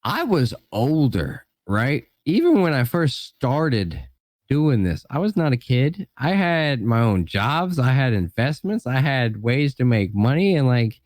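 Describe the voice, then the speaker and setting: A man chats as a guest on a relaxed podcast, in a mid-pitched voice recorded dry and close. He rambles loosely and leans on filler words as he thinks aloud. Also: measured pace, no echo. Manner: rambling, heavy use of "like" and "you know". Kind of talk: casual podcast chat.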